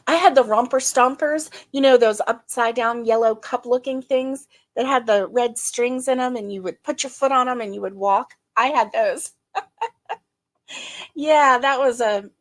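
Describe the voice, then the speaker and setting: A middle-aged woman hosting a casual live stream, greeting viewers by name, chatty and quick to laugh, her throat a little strained. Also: a little high. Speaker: livestream host.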